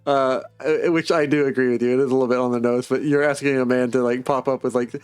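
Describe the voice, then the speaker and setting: A man's voice: medium pitch, fairly even intonation, fast talker, clean tone, dry recording. A man running a tabletop game as game master, rambling with lots of "like" and restarts.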